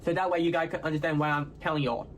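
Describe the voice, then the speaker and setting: A content creator from Houston, Texas, heard in a played clip, talks casually to viewers, explaining himself in a halting way and ending nearly every phrase with "all right, y'all?". His voice is a little high and flat, his diction unclear and hard to follow, with slight background noise.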